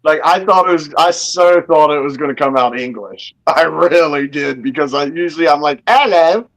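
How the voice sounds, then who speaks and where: A man's voice: a little high, normal speed, vocal fry, a bit bright, low-quality recording. A man co-hosting a casual chat in easygoing, self-deprecating banter.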